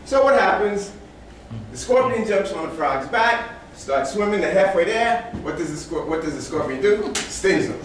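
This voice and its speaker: Speaking at a moderate pace in a high, expressive voice, a man gives a motivational talk to a small group in a room. He acts out animals' voices in his stories with large swings in energy. The room echoes, he sits far from the microphone, and there's slight background noise.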